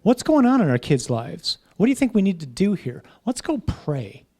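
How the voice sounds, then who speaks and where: A man's voice: high-pitched, sing-song, moderate pace, darkish tone. A man, a parish priest, teaching a class in an informal conversational way, often checking in with "right?" and "huh?".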